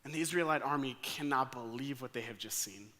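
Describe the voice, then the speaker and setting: A young man preaching a sermon as staff pastor, telling the story in an animated way and acting out the characters' thoughts and lines. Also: medium pitch, brisk.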